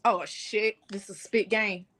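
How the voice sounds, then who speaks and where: A woman's voice: mid-range voice, fairly even intonation, slow, a bit bright. A woman chatting casually on a livestream, playful and blunt, laughing often. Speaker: guest.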